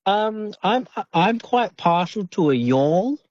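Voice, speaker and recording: A man's voice: high voice, expressive, slow, darkish tone, dry recording, muffled recording. A man with a PhD, interviewed on radio, explaining things with many hesitations. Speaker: language researcher guest.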